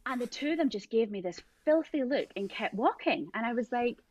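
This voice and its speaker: A woman's voice: a little high, a little fast, no echo, muffled recording. A woman with a drifting Scottish accent, a podcast guest chatting casually and acting out voices as she tells stories. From Scotland. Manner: animated storyteller, acts out voices. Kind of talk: casual chat.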